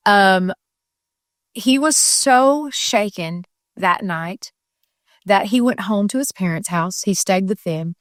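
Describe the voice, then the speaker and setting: A middle-aged woman recounts a personal faith testimony as a podcast guest. Her voice sits at an ordinary middle pitch. Her telling is earnest and tumbling, full of restarts and fillers, and the sound is dry and close with no room around it. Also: expressive, slow pace, no room sound.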